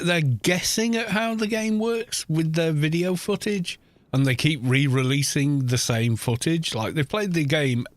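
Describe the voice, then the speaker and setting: A man's voice: a little high, no room sound. A man streaming a game, giving casual, rambling commentary that is blunt and full of swearing. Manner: blunt, swears freely, ranting; rambling with frequent "you know". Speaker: gaming YouTuber streaming. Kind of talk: casual live-stream commentary while playing.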